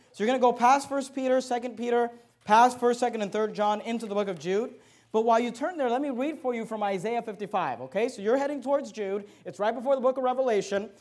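A man preaching a sermon, reading verses slowly and with emphasis, then dropping into quick asides full of fillers and repeats. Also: extremely high pitch, darkish tone. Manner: repeats words and stumbles with fillers. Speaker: pastor.

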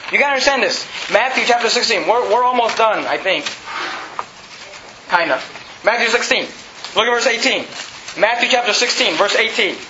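A man's voice: sits high, echoey room, highs cut off, background noise. A man pastor preaching a sermon, asking the congregation rhetorical questions and building emphasis. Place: church sanctuary.

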